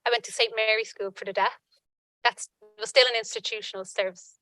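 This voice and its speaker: A woman giving earnest personal testimony at a conference panel, halting with frequent restarts. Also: fairly high pitch, fairly even intonation, bright, forceful tone, dry recording, poor audio.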